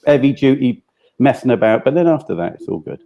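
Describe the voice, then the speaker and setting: A man's voice: medium pitch, animated, fairly quick, vocal fry, muffled recording. A man in his fifties with a Cockney accent, joining a casual chat as a guest and throwing in teasing jokes. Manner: jokey, teasing interjections.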